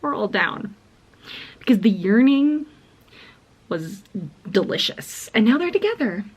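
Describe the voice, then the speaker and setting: A woman's voice: a little high, very animated, unhurried, husky. A young woman chatting casually in a reading vlog, gushing and giggly, full of "like" and often dropping into a whisper. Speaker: book vlogger.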